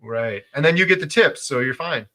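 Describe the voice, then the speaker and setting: Reading viewer comments on his relaxed livestream, the middle-aged host hammers his points with emphasis and gets loud doing it. He talks at a moderate pace, with a fairly high pitch and lively intonation.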